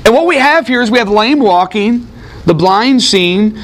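A man with a high voice lectures to a class on a Gospel passage. He keeps asking the room questions and then answers them himself. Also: animated, normal speed. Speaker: Bible teacher.

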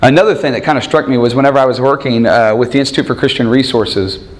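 A man preaching a sermon, animated, acting out quoted voices and asking rhetorical questions. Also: medium pitch, fast.

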